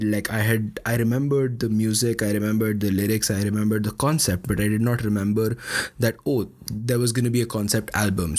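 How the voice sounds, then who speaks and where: A man's voice: on the low side, darkish tone. A man in his twenties co-hosting a podcast, telling a long, meandering story in casual chat with frequent hedges along the way. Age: 20s. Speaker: podcast co-host.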